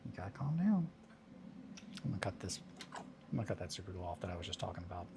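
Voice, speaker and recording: A man's voice: low-pitched, very animated, fast, noisy background. A man hosting a casual hobby livestream, talking to himself and coaxing tiny parts into place as he builds miniatures. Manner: mutters and coaxes at fiddly parts, self-talking.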